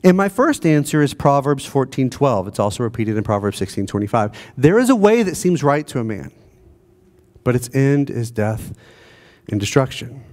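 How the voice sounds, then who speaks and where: A pastor preaching a sermon in a conversational way, asking the congregation rhetorical questions. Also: male voice, mid-range voice, very animated, moderate pace, darkish tone. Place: church.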